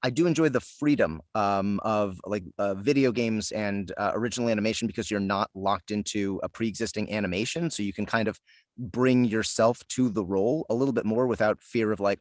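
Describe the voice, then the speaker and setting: A man, a voice actor, chatting casually in an interview, self-deprecating and quick to laugh. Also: lowish voice, dry recording, studio quality. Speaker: voice actor guest.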